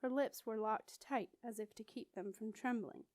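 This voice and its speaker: A woman narrating a novel as an audiobook, measured and clear. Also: on the high side, a little mellow, dry recording. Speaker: audiobook reader.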